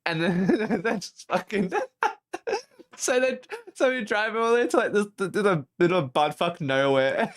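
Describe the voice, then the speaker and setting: A man's voice: high voice, expressive, a little slow. A young man streaming as a VTuber, telling a rambling story with lots of laughing, swearing and false starts. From Australia.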